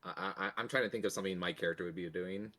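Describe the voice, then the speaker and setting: A man's voice: low voice, steady tone, rapid-fire, pushed and bright. Playful man chatting at a game table. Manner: laughing, playful. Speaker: player. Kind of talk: casual tabletop game chat.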